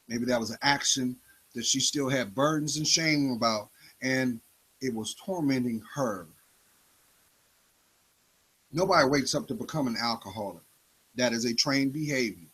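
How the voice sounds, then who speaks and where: Husky man preaching a motivational monologue. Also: medium pitch, a bit bright, low-quality recording. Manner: preachy, confrontational, rhetorical questions. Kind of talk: spoken-word motivational monologue.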